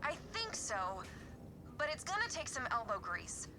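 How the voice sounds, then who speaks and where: A woman voicing a wry female mission handler in a video game, speaking briskly. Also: high voice, big pitch swings. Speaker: game character giving orders. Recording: game audio with background noise.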